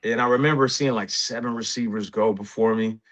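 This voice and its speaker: A man in his forties, a guest in an interview, telling stories in a casual, animated way and acting out what others said. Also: a little fast. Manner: animated, rises in pitch when excited, quotes others in dialogue. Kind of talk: casual storytelling. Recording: dull lo-fi sound.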